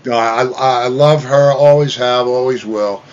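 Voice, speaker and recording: A man telling a long story in casual chat, animated, mimicking other people with loud raised voices. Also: medium pitch, a little slow, clean tone, highs cut off. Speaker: guest musician.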